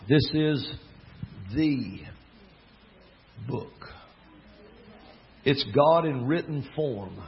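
A man's voice: medium pitch, slow pace, long pauses, muffled recording, a faint crowd, slight background noise. A man from Alabama with a Southern drawl, a gospel singer and preacher telling joking stories from the pulpit. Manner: joking, drawling, storytelling with asides. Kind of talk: folksy storytelling sermon.

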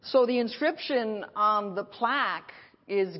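A woman pastor preaches at a conference with emphatic, repeated declarations and dramatic pauses. Her voice sits at a middle pitch. The recording sounds dull and slightly lo-fi. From United States. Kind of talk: sermon. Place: conference hall.

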